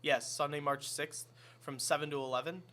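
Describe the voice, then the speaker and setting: A man's voice: fairly high pitch, steady tone, moderate pace, sharp tone. Young man, rambling and self-mocking. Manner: rambling, self-deprecating, laughs often. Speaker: podcast host. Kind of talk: casual chat.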